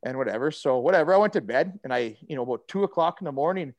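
A man's voice: fairly high pitch, fast, no room sound. A middle-aged man, a former hockey player telling a long story in a casual chat, full of fillers and restarts. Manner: rambling, animated storyteller with many fillers and restarts.

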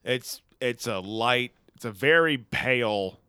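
A man's voice: mid-range voice, lively intonation, slow pace, bright, forceful tone, smooth, dry recording, clean studio sound. A man in casual comedic podcast banter, rambling and interrupting himself, laughing often.

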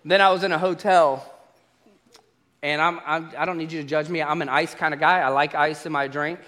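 A man preaching a sermon, an animated storyteller who acts out the exchanges he describes. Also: a little high, a little fast. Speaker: pastor. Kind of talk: sermon with humorous travel stories. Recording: echoey hall reverb.

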